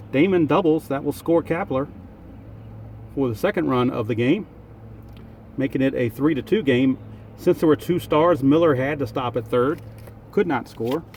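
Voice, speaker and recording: Outdoors, with slight background noise, a man whose voice runs a little high thinks aloud over every roll while giving running commentary on a tabletop baseball game played with dice.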